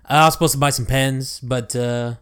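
A man's voice: mid-range voice, steady tone, moderate pace, fairly bright tone, clear, resonant tone. A young man telling a casual story in a rambling way, restarting sentences and swearing now and then. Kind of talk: casual chat.

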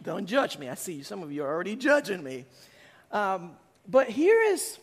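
A man in his forties, a pastor giving a sermon, who tells stories in a lively way and acts out his own reactions. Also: high-pitched, moderate pace.

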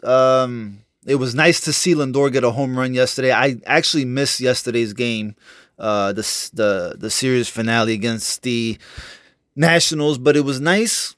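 A man's voice: mid-range voice, no echo, clean studio sound. A young man ranting casually about his baseball team, cursing freely and trash talking, with lots of fillers and restarts. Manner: profane, fired-up trash talk with many fillers and restarts. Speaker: sports fan vlogger. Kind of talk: casual fan rant.

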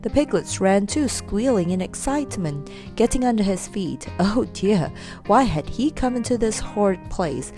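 A woman reading a children's storybook aloud in an expressive way. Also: mid-range voice, moderate pace, soft background music.

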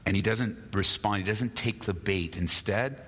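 A male pastor preaching an animated sermon, acting out quarrels and asking the listeners questions. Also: fairly low pitch, normal speed, husky. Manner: animated, acts out quarrels in lively voices. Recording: long hall reverb.

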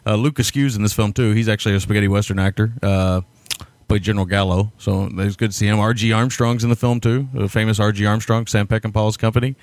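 A man's voice: fairly low pitch, fairly even intonation, fast, no room sound. A man co-hosting a podcast, chatting casually about movies, laughing a lot, swearing freely and slipping into mocking impressions. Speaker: podcast co-host. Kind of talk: casual movie-review chat.

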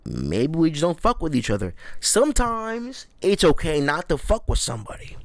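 A man's voice: a little high, wildly swooping pitch, normal speed, few pauses, dry recording. A man in his twenties hosting a casual podcast, a little drunk, rambling, swearing and mocking himself. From United States. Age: 20s. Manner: rambling, profane, self-mocking. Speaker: podcast host. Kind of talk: casual solo podcast monologue.

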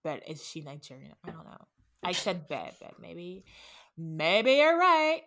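A woman's voice: sits low, fairly even intonation, moderate pace, vocal fry. Blunt young woman co-host. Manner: blunt, opinionated reactions. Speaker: podcast co-host. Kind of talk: casual chat.

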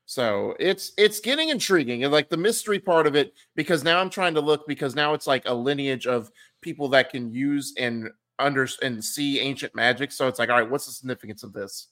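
A man co-hosting a casual gaming podcast, chatting in an animated, joking way. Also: medium pitch. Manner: animated and joking, quick to laugh. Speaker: podcast co-host.

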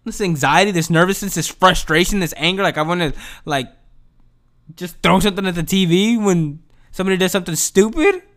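A man hosting his own podcast in a rambling, profane solo rant, dropping to low mumbles and then rising to excited outbursts. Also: a little fast. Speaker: podcast host. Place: home.

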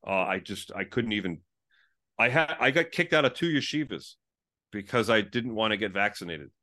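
A middle-aged man, a former pastor, telling his story as a guest in a conversational interview, animated and full of restarts. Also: on the low side, moderate pace. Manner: animated, frequent restarts, acts out quoted exchanges.

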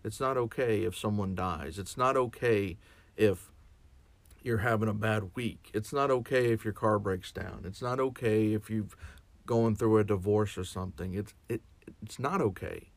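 A man's voice: lowish voice, normal speed, dry recording. A man speaking as a chaplain in a reflective podcast monologue, earnest and often restarting and repeating his words.

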